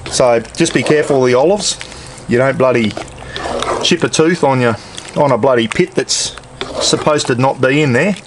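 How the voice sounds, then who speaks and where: A man's voice: on the high side, a little hiss or hum. A retired Australian man in his sixties, rambling casually and saying "bloody" often as he cooks on a camp stove outdoors. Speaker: cooking vlogger.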